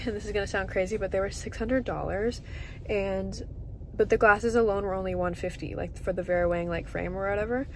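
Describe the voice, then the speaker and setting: A young woman in her twenties chatting casually to camera as a vlogger, full of "like" and "um" fillers. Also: medium pitch. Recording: faint background noise.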